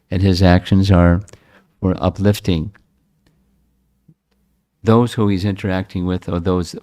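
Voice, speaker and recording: Man in his 70s, low pitch, dry sound; reflective devotional lecturer. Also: dark tone, no room sound. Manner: reflective, repeats and restarts words. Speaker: scripture class speaker. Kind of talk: devotional scripture talk.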